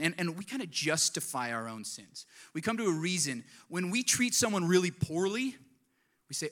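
A man's voice: sits high, very animated, moderate pace, a bit bright. A man preaching a sermon to his congregation, earnest and conversational, often asking them direct questions. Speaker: pastor.

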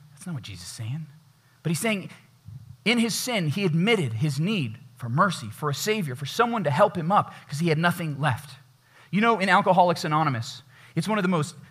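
A man's voice: a little high, sharp tone, slightly rough. A male pastor giving a conversational sermon in a church, acting out quoted voices as he preaches.

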